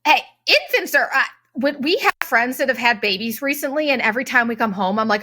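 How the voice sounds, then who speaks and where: A woman in her forties hosting a podcast, chatting casually and telling animated stories with acted-out quotes and casual swearing. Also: fairly high pitch, a little fast, few pauses. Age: 40s. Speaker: podcast host. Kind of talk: casual conversation.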